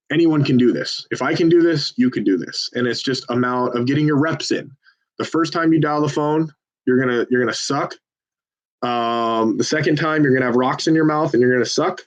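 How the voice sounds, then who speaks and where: A man's voice: medium pitch, muffled recording. A man volunteering at a phone bank, chatting casually to viewers between calls in a rambling, profane, self-deprecating pep talk.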